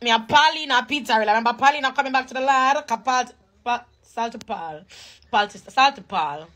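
A woman's voice: on the high side, brisk, fairly bright tone. A woman, speaking into a phone on an emotional, preachy livestream and crying at times. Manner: emotional and preachy, switching between patois and standard English. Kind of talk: impassioned livestream rant.

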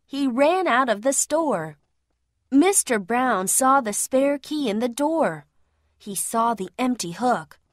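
A woman reads a children's picture book aloud, slow and clear. Her slightly high voice rises and falls a lot, and the recording is close and dry. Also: expressive, no echo. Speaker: storyteller. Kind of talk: reading a children's storybook aloud.

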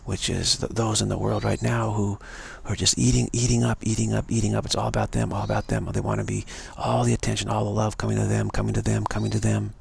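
Male spiritual teacher, low voice, heavy gravel, loops back on his own phrases as he talks. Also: flat delivery, fast talker, hardly any pauses, a little mellow. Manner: repeats phrases over and over. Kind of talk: unscripted spiritual talk. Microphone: livestream mic.

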